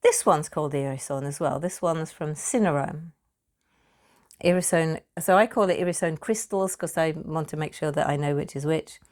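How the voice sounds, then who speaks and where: A British woman with a slightly low voice talks chattily about perfume ingredients. She laughs a lot, and her words tumble and repeat when she gets enthusiastic. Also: normal speed, darkish tone. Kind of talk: casual talk on perfume materials.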